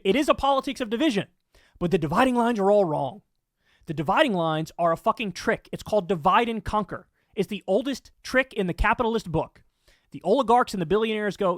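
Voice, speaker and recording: A man's voice: high-pitched, lively intonation, brisk, dry recording, studio quality. A man hosting political commentary, ranting angrily with lots of swearing. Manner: angry, profane ranting.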